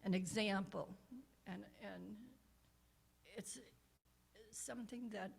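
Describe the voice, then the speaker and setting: An older woman minister speaks at a middle pitch with a gravelly edge to her voice. She tells a personal story as a sermon in a chatty, anecdotal way, with soft asides and little restarts. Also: fairly even intonation, slow. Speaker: guest minister. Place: church.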